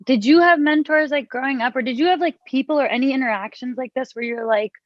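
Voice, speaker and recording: A woman's voice: sits high, quick pace, dry recording, muffled recording. A woman in a casual conversation who reads aloud from her own book and talks hesitantly, with many fillers. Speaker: interviewer and author.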